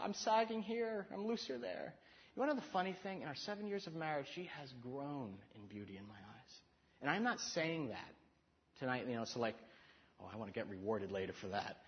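Earnest man in a lo-fi talk. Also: mid-range voice. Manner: earnest, self-deprecating, with many restarts. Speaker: speaker to married couples. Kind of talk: heartfelt talk on marriage.

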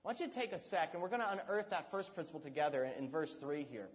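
High-voiced storytelling man preaching. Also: very fast, dull audio. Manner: storytelling, animated, asks the congregation to call out answers. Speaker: pastor. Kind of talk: sermon. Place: church hall before a live congregation.

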